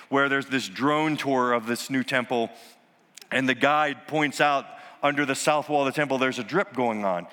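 Ein Mann predigt mit heller, kraftvoller Stimme in einer Kirche mit langem Nachhall, mal laut ausrufend, mal fast flüsternd. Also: male voice, mid-range voice. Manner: dramatic, swinging from loud exclamations to hushed near-whispers. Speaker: pastor. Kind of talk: sermon. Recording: long hall reverb.

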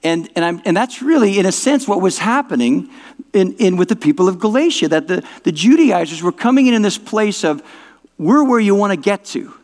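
Man preaching, high voice, casual and halting, restarts phrases, long hall reverb. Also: expressive, a little mellow. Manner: informal, repeats and restarts words, asks the audience questions. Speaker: pastor. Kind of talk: conversational sermon.

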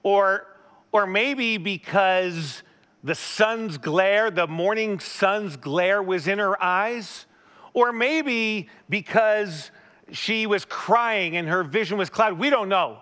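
A man preaching a conversational sermon, retelling a story with animated asides and questions to the listener. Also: sits high, slow, clear, resonant tone. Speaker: pastor.

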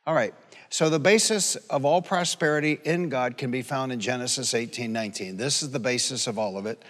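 A pastor in his sixties preaches in a folksy, conversational way, stopping to toss questions out to his congregation. His voice sits at an ordinary pitch for a man. It rings with the long reverb of a large hall. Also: lively intonation, normal speed, fairly bright tone. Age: 60s. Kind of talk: sermon. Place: church sanctuary.

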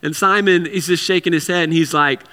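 A man's voice: on the high side, fairly quick, pushed and bright, in a large hall. A man preaching a sermon in a conversational way, with repeated words and casual asides. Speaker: pastor.

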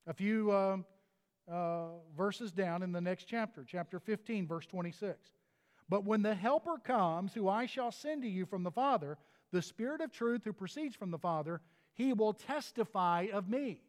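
A man's voice: high voice, animated, moderate pace, in a large hall. A pastor delivering a sermon in an earnest manner, often restarting his phrases.

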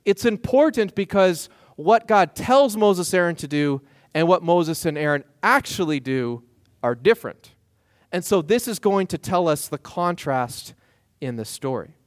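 A pastor with a notably high voice preaches, drawing his listeners into the story with lively, playful asides. The sound is dry and close, with almost no room around it. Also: no echo. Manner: animated, playful asides to the congregation. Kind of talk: sermon storytelling.

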